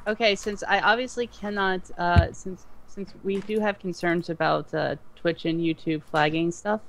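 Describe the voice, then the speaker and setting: A man's voice: sits high, steady tone, moderate pace, vocal fry, a bit bright, slight background noise. A man hosting a livestream, chatting casually and stammering as he reads out chat and jokes with guests. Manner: hesitant, stammering, joking. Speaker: stream host.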